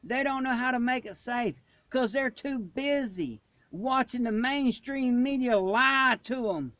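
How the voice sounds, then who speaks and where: A man's voice: extremely high pitch, measured pace, pushed and bright, dry recording. A man from Florida who hosts a prepping channel, ranting in a blunt, emphatic, folksy way. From Florida, USA. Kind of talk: ranting vlog.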